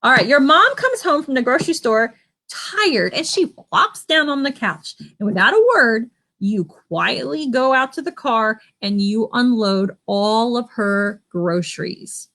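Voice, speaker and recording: Children's church teacher, woman, slightly high-pitched, encouraging, patient. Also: expressive, unhurried. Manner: gentle, encouraging, asks kids questions. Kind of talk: online children's church lesson. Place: at home.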